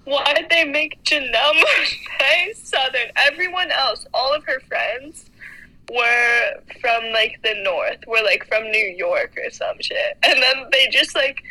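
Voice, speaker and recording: Young female co-host, bright, slightly high voice, animated casual chat. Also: a little slow, low-quality recording. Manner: animated, heavy filler "like", laughs between points. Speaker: podcast co-host.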